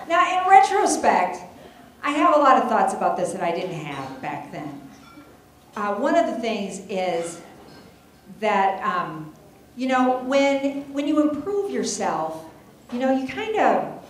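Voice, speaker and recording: A woman's voice: fairly high pitch, slight background noise. A middle-aged woman telling a comic personal story on stage, chatty and self-deprecating, with many asides. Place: stage before an audience. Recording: very echoey hall.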